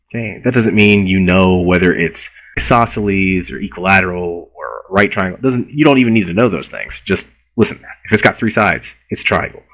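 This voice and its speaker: A man's voice: deep voice, expressive, brisk, a bit bright, low-quality recording. A man giving a university philosophy lecture in a conversational way, often restarting words and repeating himself.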